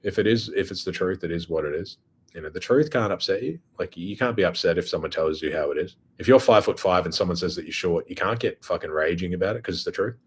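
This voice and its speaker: A man's voice: low voice, fast talker, husky. A man hosting his own show, talking in a blunt, profane, casual monologue. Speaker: host.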